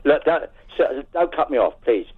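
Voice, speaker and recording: Guy calling into a radio show, earnest, keeps stumbling, husky voice, tinny phone line. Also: a little high, animated. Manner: earnest, halting, repeats himself. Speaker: caller. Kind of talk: phone-in call. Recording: telephone line.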